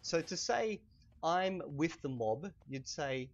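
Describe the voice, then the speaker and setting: A man teaching a language lesson while playing a game, speaking softly and keeping his voice low, patiently repeating each phrase slowly. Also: lively intonation, lo-fi sound. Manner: soft-spoken, kept low. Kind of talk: casual lesson while gaming. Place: home room at night.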